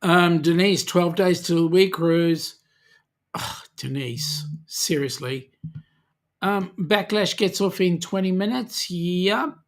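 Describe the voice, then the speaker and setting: A man's voice: high-pitched, fairly even intonation. An Australian man hosting a casual livestream, reading out viewer comments and greeting each one in a friendly way, with lots of "um"s. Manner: slow, friendly, with many "um"s, greeting viewers by name. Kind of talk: casual live chat.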